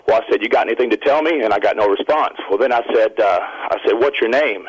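A man calling in to a radio show, telling a long excited story in a rambling, self-interrupting way. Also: fairly low pitch, fast, few pauses, slightly rough, poor audio. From Indiana. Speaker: caller. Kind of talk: phone-in storytelling.

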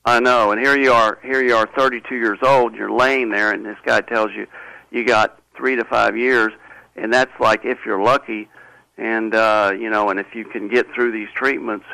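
A man being interviewed, telling a personal story in a halting, earnest way with many restarts. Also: lowish voice, fairly even intonation, vocal fry, bright, forceful tone, no room sound, low-quality recording. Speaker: interview guest.

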